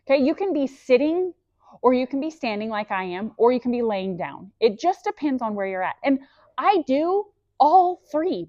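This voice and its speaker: A woman's voice: a little high, a little mellow, no echo, highs cut off. A woman leading a guided breathing lesson, enthusiastic and encouraging, mixing body facts with faith, speaking into a clip-on mic. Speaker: breathwork instructor. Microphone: clip-on microphone.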